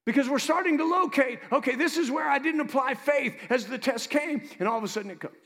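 A man preaching a sermon as pastor, with lively asides to the congregation. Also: very high-pitched, quick pace, long reverb tail.

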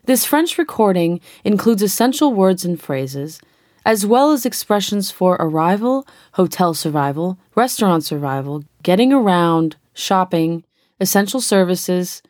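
A woman narrating a pronunciation lesson in a slow, careful, instructional way. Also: on the low side, animated, a little mellow, dry recording, clean studio sound. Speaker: language course narrator.

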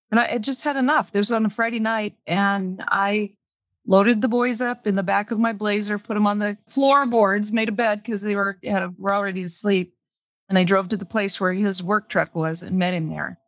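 A woman's voice: mid-range voice, normal speed, dry recording. A woman guest on a podcast, candidly telling her own story in plain words and repeating phrases for emphasis. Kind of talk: personal storytelling interview.

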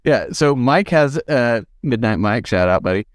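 A man's voice: medium pitch, normal speed, no echo. A man from California, a podcast guest chatting casually and joking around. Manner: animated, joking, mimics accents. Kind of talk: casual chat.

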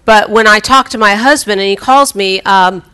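A woman's voice: mid-range voice, moderate pace, pushed and bright, clear, resonant tone. A woman preacher giving a conversational sermon, chatty and humorous, often restarting her sentences.

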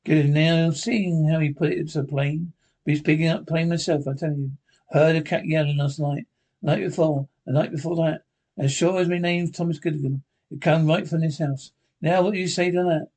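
A man's voice: on the high side, fairly even intonation, moderate pace, a little mellow. A man playing a nosy, pushy off-duty cop neighbor, in folksy 1930s radio acting. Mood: blustering. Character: nosy Irish beat cop neighbor, blustery.

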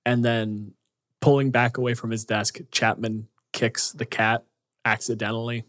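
Male podcast co-host, mid-pitched, casual and profane, running through a plot recap with lots of "like"s. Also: flat delivery, a little slow, fairly bright tone. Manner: loose, profane storytelling with frequent fillers.

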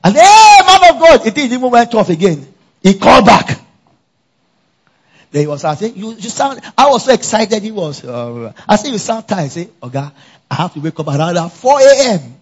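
A male pastor preaching a lively sermon at a church conference, calling out to the congregation for answers. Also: high voice, normal speed, breathy edge. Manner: animated, call-and-response with congregation.

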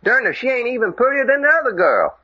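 A man's voice: very high-pitched, very animated, fast talker, pushed and bright, heavily acted. A man with a Texan accent playing a brash, chivalrous Texan adventurer in a 1940s radio drama, with folksy, drawling banter. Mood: teasing. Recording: dull lo-fi old radio recording.

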